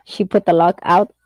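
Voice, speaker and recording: A woman's voice: fairly low pitch, dry recording, low-quality recording. A middle-aged woman chatting candidly and casually, swearing and laughing often as she talks. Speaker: host. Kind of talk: casual chat.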